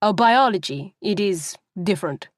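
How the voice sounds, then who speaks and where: A woman's voice: mid-range voice, expressive, normal speed, dry recording, clean studio sound, lightly acted. A woman voicing a male cab driver who speaks broken English in a cheerful, matter-of-fact way. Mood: blunt.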